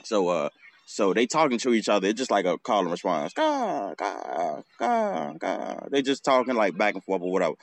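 A man's voice: on the low side, lively intonation, quick pace, dry recording. A man hosting a podcast outdoors, telling a casual, swearing story and acting out the bird calls. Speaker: podcast host.

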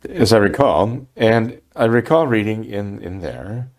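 A man's voice: lowish voice, expressive, measured pace, a little mellow. An older man, a priest, answering listener questions on a talk program in a hesitant way, with many fillers and restarts.

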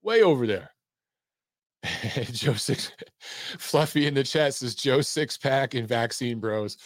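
A man's voice: mid-range voice, slow, no echo. Blunt, profane man hosting a call-in stream. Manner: blunt, profane and laid-back. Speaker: host of a boxing call-in live stream. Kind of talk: casual live-stream chat, reading chat and taking calls.

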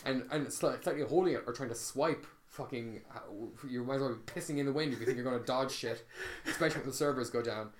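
Animated, sweary male storyteller. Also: mid-range voice, quick pace, a little hiss or hum. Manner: animated, swears freely, many restarts. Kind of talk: casual storytelling chat.

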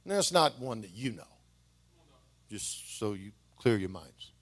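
An older man preaching a live sermon in a church, swinging from hushed, emotional storytelling to impassioned shouting. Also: lowish voice, sing-song, a little slow. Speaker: pastor. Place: church sanctuary with congregation.

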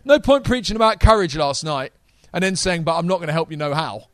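A man preaching a sermon to a live congregation, energetic and talking straight to the audience. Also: fairly high pitch, brisk, no echo.

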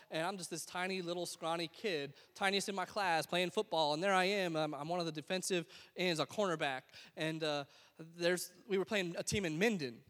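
A man's voice: high-pitched, a bit bright, long reverb tail. A man preaching a sermon as pastor, telling stories in a conversational way and acting out what people said. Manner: conversational storytelling with acted-out quotes.

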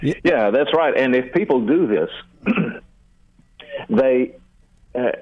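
A man's voice: medium pitch, expressive, very slow, no echo, dull audio. Older man teaching on prayer, phone-thin radio sound. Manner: earnest, repeats words when starting sentences. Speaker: seminary teacher and guest.

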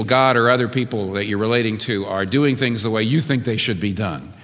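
A man's voice: medium pitch, a bit bright, big-room sound. A man preaching a sermon as a pastor, speaking earnestly and emphatically and building to strong emphasis.

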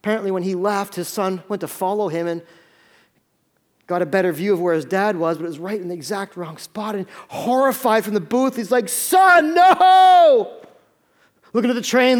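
Man, pastor, sermon, high voice, dramatic storytelling, loud peaks and hushed stretches, repeats and restarts words. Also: quick pace. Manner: storytelling, swinging from loud urgent peaks to hushed near-whispers.

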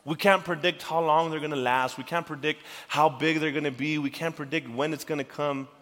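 A young adult man, a pastor, preaching a sermon with earnest feeling that swings from urgent rises to hushed, tender passages. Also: a little high, fairly even intonation, brisk. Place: church sanctuary. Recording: church hall reverb with faint music.

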